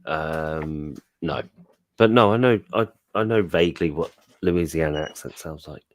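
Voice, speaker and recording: A man in a casual live chat, reading out viewer comments and agreeing with fillers in an unhurried way. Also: extremely low pitch, dry recording.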